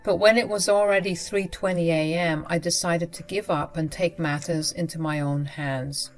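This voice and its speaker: A woman's voice: fairly low pitch, fairly even intonation, moderate pace, faint music behind. A young woman narrating a first-person story with emphatic, dramatic retelling.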